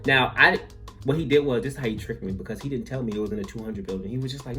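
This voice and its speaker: A young man telling a comic story from his school days, full of "like" and quick asides. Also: medium pitch, faint music behind. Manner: animated, filler-heavy, lots of "like". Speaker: vlogger.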